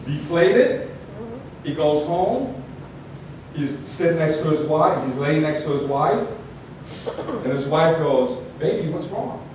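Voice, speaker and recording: A man giving a motivational talk to an audience, telling stories with animated asides. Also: a little high, takes it slowly, long pauses. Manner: storytelling, animated, many asides like "right?". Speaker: motivational speaker. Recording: echoey hall from far off, noisy.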